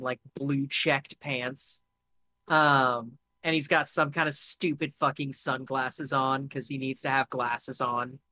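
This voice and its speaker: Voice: medium pitch, pushed and bright, no room sound. A game master casually narrating a tabletop game, with lots of fillers and swearing. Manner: casual and profane with many fillers.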